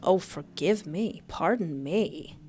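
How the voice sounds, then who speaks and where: Woman voicing a hushed possessive kidnapper man. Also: on the low side, soft background music. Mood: coldly patient. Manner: slow, gentle, hushed, barely controlled anger. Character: soft-spoken possessive young male kidnapper.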